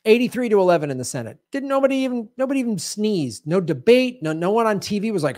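A man hosting his own show, delivering an indignant, sarcastic political commentary monologue that swings between loud outbursts and muttered asides. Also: high voice, sing-song, quick pace, no room sound, clean studio sound. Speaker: show host.

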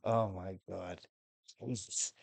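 A man's voice: deep voice, fairly even intonation, slow, creaky, slightly rough. Australian guy, reaction host, laid-back chatter, loose and laughing. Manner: laughing, chatty, swears freely. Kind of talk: casual reaction commentary.

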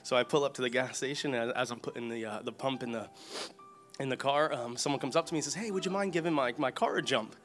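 A young man telling his testimony to a church congregation, excited and storytelling, growing loud with praise. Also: medium pitch, quick pace, soft background music. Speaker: church member giving a testimony.

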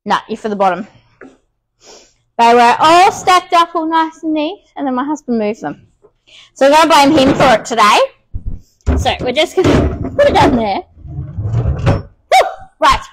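A woman's voice: high voice, lively intonation, moderate pace, long pauses, low-quality recording. A woman with an Australian accent, out of breath, chatting casually with many ums while restoring furniture on a live stream.

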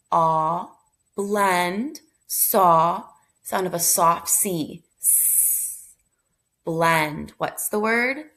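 Female phonics teacher, slow and deliberate, slightly low voice, encouraging. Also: bright, forceful tone. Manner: slow, deliberate sounding-out of letters with encouraging praise. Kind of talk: phonics review lesson.

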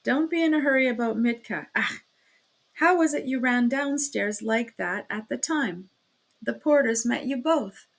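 A woman's voice: on the high side, unhurried, gravelly. A woman reading the part of an agitated middle-aged male magistrate with exclaiming, pressing questions.

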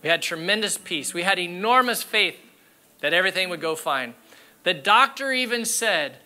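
A man's voice: high-pitched, expressive, normal speed, sharp tone. A man, a pastor, preaching a sermon in an earnest, candid storytelling way, repeating key phrases for emphasis. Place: church sanctuary.

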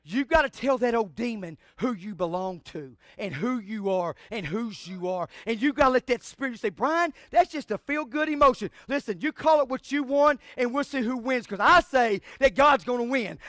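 A man preaching an impassioned sermon, shouting out exclamations, then dropping to hushed asides. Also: extremely high pitch, expressive, fairly quick, hardly any pauses, dry recording, studio quality. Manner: call-and-response exclamations. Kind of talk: fiery sermon.

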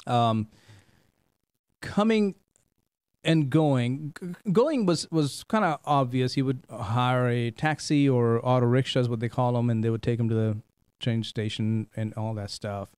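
A middle-aged man from India, hosting a talk show and telling stories in a casual, animated way, often repeating words. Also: medium pitch, measured pace, smooth, no echo, clean studio sound. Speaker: host. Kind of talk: casual storytelling chat.

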